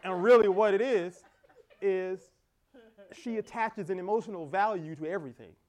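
Animated man preaching a lively sermon. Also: high-pitched, normal speed. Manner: animated preaching with laughter and quoted dialogue. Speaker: pastor.

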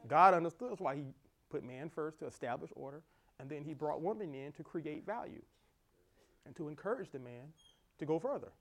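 Quoted exchanges get acted out with animated energy as a middle-aged pastor preaches, laughing along the way. His voice is slightly high and his pace a little fast.

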